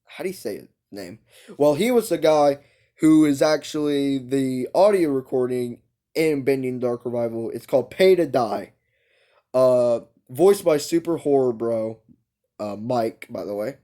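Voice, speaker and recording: A man's voice: medium pitch, expressive, a little slow, mellow. A young man giving a casual, unscripted book review, rambling and hesitant and often correcting himself.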